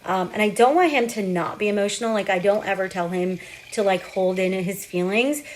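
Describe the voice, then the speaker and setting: A woman's voice: medium pitch, a little fast, a little hiss or hum. A woman in her thirties, a parent of a young athlete, telling a personal story in a casual, candid way, with lots of filler words.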